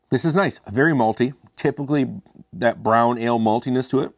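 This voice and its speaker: A man's voice: medium pitch, a little fast, no echo. A man hosting a casual beer review, chatty and self-mocking with rambling asides.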